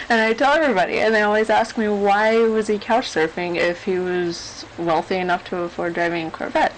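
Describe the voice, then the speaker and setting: Low-pitched enthusiastic woman. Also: slight background noise, poor audio. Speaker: interviewee, couch-surfing host. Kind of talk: casual interview talk.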